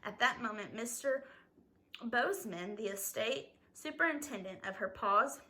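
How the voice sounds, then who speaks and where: A woman's voice: on the high side, expressive, a little slow, pushed and bright, poor audio. A woman reading a novel aloud expressively, stumbling over a word now and then. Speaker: reader.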